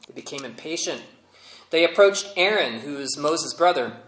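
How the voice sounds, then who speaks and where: A male pastor preaching a sermon, telling the story in a relaxed, humorous, conversational way. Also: fairly high pitch, moderate pace, echoey room, poor audio.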